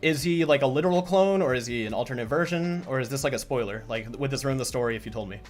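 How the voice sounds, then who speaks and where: A man's voice: medium pitch, lively intonation, fast, soft background music. A man hosting a casual livestream as a comic creator, chatty and rambling, full of restarts.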